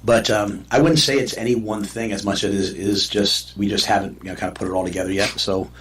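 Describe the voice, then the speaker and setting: A man's voice: lowish voice, steady tone, fast, fairly bright tone, slight background noise. A man, a head football coach, answering press conference questions in a rambling way, restarting phrases and saying "you know" a lot.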